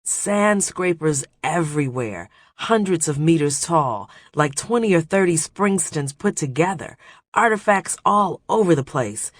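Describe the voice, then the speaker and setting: A man voicing a boastful young sand diver, talking eagerly with a raised, excited voice in an audiobook. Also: on the high side, unhurried, dry recording, pitched above the performer's own voice. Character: rugged male sand diver, brash, boastful.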